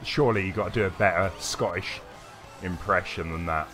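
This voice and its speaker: Low-voiced and fairly quick, a man streams a game live and answers his viewers' chat messages. His casual commentary rambles and is full of hesitations, with faint game music in the background.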